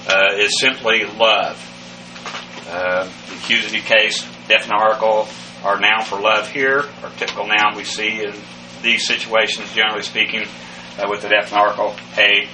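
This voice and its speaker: A man's voice: fairly low pitch, sharp tone, distant mic, slight background noise, rough recording. A man teaching a verse-by-verse Greek Bible lesson, methodical and full of "uh" fillers, spelling out Greek words letter by letter. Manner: frequent "uh" fillers and restarts. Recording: voice set back from the mic, faint ambience.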